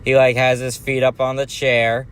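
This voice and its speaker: A man telling a crude comic story in a rambling, deadpan way. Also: mid-range voice, moderate pace, slight background noise. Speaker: comedy storyteller. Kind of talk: comic storytelling over game footage.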